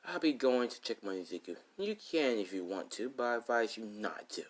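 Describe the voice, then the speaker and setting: Guy doing a clingy jealous teen girl, raises his voice higher for her, sweet then nasty. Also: lively intonation, fairly quick. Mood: smug. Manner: sugary to his face, snarling insults behind.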